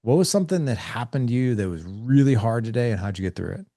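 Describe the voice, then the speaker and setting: A man in his forties giving parenting advice in an interview, energetic and acting out conversations between dad and kid. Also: medium pitch, fast talker, no echo, studio quality. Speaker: guest on a parenting show.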